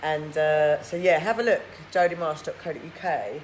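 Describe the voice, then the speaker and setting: A woman's voice: deep voice, normal speed, slight background noise, low-quality recording. A woman, chatting bluntly on a live video as she reads out viewer comments, mocking and swearing casually. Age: 30s. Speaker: live stream host.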